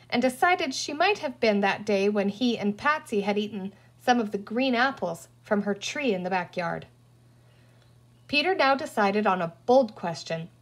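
Expressive woman reading a children's book. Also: mid-range voice. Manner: expressive storytelling. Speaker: audiobook reader. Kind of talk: children's book read aloud.

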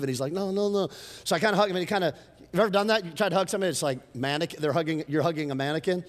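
A middle-aged man preaching a sermon as pastor, telling stories in an animated way and rising to emphatic points. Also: fairly high pitch, quick pace, long pauses. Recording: long hall reverb.

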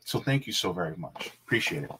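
A man's voice: low voice, sing-song, fast, bright, forceful tone, husky. A man hosting a casual livestream, chatting with viewers, reading web pages aloud and laughing easily. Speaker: livestream host.

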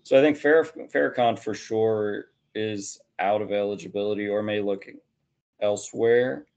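A man's voice: lowish voice, moderate pace, darkish tone, muffled recording. A man hosting a casual sports podcast, rambling and hedging with plenty of "you know" fillers. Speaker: podcast host.

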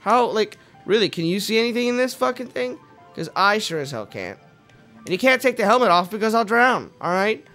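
A high-pitched man narrates his own gameplay in a loose, chatty way. He drops into quiet mumbling, then bursts into frustrated yelling and swearing. Faint music plays underneath. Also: sing-song, brisk. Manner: swings from mumbling to frustrated shouting, swears freely. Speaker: let's play host. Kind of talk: casual gameplay commentary.

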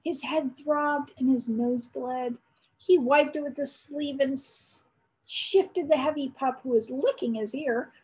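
A woman's voice: high-pitched, darkish tone, rough recording. A woman, an aunt, reading a chapter book aloud to her nieces and nephews, stopping now and then to quiz them. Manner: storytelling, pausing to quiz listeners.

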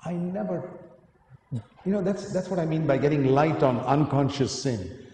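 A man's voice: a little high, moderate pace, dark tone. A man preaching a sermon, earnest and emphatic, often asking his listeners questions. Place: large hall. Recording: echoey hall, faint noise.

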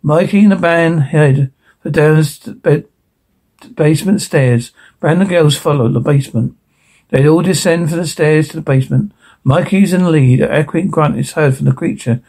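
A man's voice: a little high, moderate pace, darkish tone. A man reading a film script aloud as narrator, plainly and with small slips and restarts.

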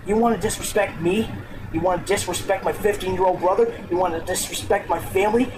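An Eastern Canadian man rants and threatens in a profane, repetitive way, and his voice sits high for a man. The old webcam recording carries a clear hiss of noise behind him. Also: fairly quick. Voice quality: odd-sounding voice. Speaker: video maker in an old clip. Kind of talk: angry threatening webcam rant. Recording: noisy old webcam clip.

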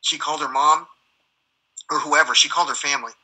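A man's voice: on the high side, steady tone, a little fast, bright, forceful tone, breathy edge, rough recording. A man, a military veteran, telling rambling stories as a guest in conversation, swearing and acting out the dialogue as he goes. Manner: profane, heated, acts out dialogue.

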